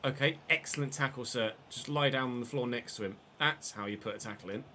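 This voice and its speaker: Excitable man with a bright voice. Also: medium pitch, fairly quick, a little hiss or hum. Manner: excitable, swears freely, talks to chat. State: unwell, coughing. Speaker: game streamer. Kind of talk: live gameplay commentary and casual chat.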